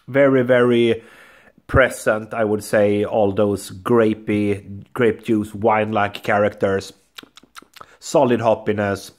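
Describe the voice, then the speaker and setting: A man hosting a casual beer review vlog, chatty and talking to viewers as guys, often saying "I would say". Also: on the low side. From Sweden. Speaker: beer reviewer, channel host.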